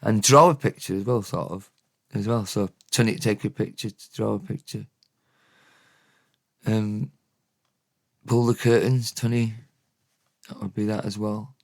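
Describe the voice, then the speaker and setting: Welsh-accented male teacher, slow and low, dry close mic, self-correcting. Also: fairly even intonation, vocal fry, no room sound. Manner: unhurried, thinking aloud, correcting himself. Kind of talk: casual spoken language lesson.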